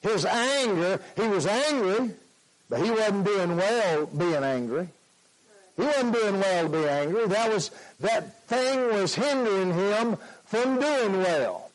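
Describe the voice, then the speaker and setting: Slow, high-voiced male preacher. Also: expressive, rough recording. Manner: slow, emphatic preaching with repetition. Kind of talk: sermon.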